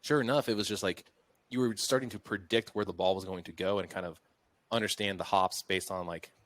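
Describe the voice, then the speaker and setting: A man's voice: sits low, fairly even intonation, a little fast, fairly bright tone. A man hosting a podcast interview, chatting casually and rambling with many fillers. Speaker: podcast host.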